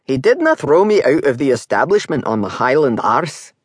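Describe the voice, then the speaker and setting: A narrator voicing a young Highland warrior with a Scottish accent, blunt and wry. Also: male voice, big pitch swings, normal speed, husky, no echo. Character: gruff brawny Highland warrior, young man.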